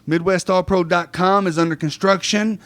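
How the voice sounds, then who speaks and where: A man guesting on a podcast in casual chat, excitable, repeating himself and stumbling over the starts of his sentences. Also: sits high, normal speed, no echo.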